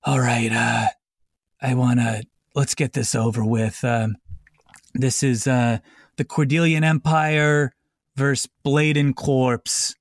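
A man's voice: mid-range voice, steady tone, takes it slowly, no room sound, studio quality. A man voicing an old, checked-out dragon-man judge in a comedy tabletop game, drawling through his lines. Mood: weary.

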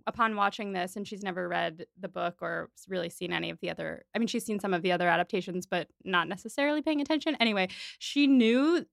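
A woman's voice: medium pitch, fast, vocal fry, few pauses, dry recording, studio quality. A woman hosting a podcast, chatting casually about a TV adaptation and acting out quoted lines. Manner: animated, acts out quoted lines. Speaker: podcast host.

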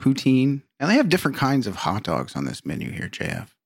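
A man with a gravelly, creaky voice co-hosting a relaxed podcast, trading dry one-liners and laughing easily. His pitch moves in a lively way. The sound is dry and close, with no room echo. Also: brisk. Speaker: podcast co-host. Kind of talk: casual podcast chat.

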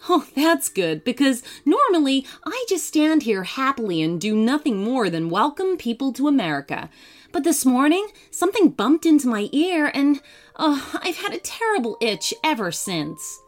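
A woman's voice: high-pitched, very animated, moderate pace, soft background music, pitched above the performer's own voice. A woman voicing a polite, genteel statue lady come to life in a storybook.

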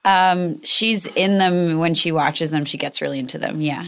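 Playful woman guest, lower voice. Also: moderate pace, a bit bright. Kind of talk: casual podcast chat.

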